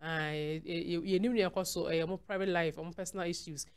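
A woman with a Ghanaian accent hosts a celebrity gossip channel, reading viewer comments aloud. Her voice sits low and sounds clear and resonant. She moves freely between Twi and English within the same sentence. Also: fairly even intonation, a little fast.

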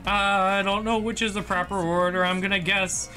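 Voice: mid-range voice, level tone, normal speed, pushed and bright, soft background music. A streamer giving rambling casual commentary while playing a language game. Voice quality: rambling, repetitive, self-bargaining.

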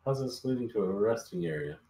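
A man chatting casually as a tabletop game player, thinking out loud and asking questions. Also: fairly low pitch, expressive, fairly quick. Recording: echoey room.

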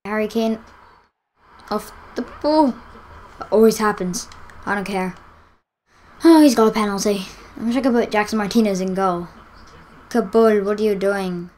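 A woman giving live commentary on a football video game, excitable, cheering and groaning as the play unfolds. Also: medium pitch, moderate pace, long pauses. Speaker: gaming YouTuber.

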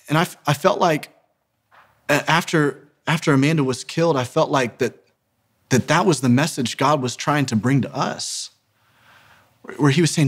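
A man in his thirties giving an earnest, emphatic sermon-style talk as a ministry founder, slowing down to stress key words. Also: medium pitch.

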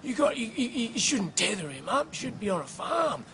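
A man's voice: high voice, big pitch swings, fairly quick, shouting, a crowd in the background, pitched above the performer's own voice. A man putting on the voice of an indignant woman scolding him about animal cruelty. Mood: outraged.

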